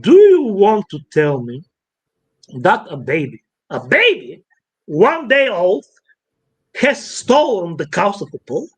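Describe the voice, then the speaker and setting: A man doing a newborn trickster god who squeaks in high, strained disbelief, feigning total innocence. The delivery is mischievous and mock-shocked, pitched far above his usual voice, with a slow, drawn-out quality. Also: wildly swooping pitch, breathy edge, heavily acted. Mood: sly.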